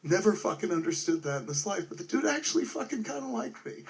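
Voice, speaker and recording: A man's voice: sits high, sing-song, fast talker. A man in his forties, a filmmaker, giving a casual spoken tribute to a friend, swearing constantly and rambling with lots of "like" and "man". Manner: profane, rambling, heartfelt, heavy on fillers like "like" and "man".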